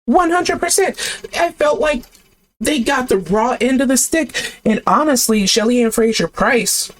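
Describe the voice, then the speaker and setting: A man's voice: extremely high pitch, a little slow, fairly bright tone. A man delivering a heated sports rant to camera, exasperated and sarcastic, with blunt outbursts. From United States. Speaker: sports vlogger.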